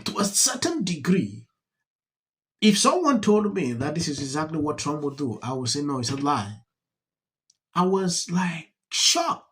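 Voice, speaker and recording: A man hosting a political commentary channel, speaking in a slow, deliberate, reflective way. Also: on the high side, big pitch swings, a little hiss or hum.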